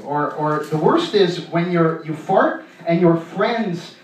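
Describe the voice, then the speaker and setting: A young man from Canada works through a stand-up set, his voice sitting a little high. He rambles, stumbles and restarts between bits. The sound is very echoey and set back from the mic, like a small club heard from across the room. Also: distant mic. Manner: rambling, halting delivery with many fillers and restarts. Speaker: stand-up comedian. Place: comedy club stage.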